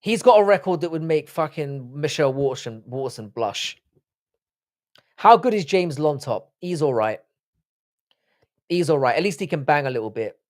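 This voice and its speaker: A young man hosts a casual livestream, ranting and cursing in a riled-up way. His voice sits a touch higher than most men's. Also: animated, moderate pace. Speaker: livestream host. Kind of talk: live-stream chat reading comments.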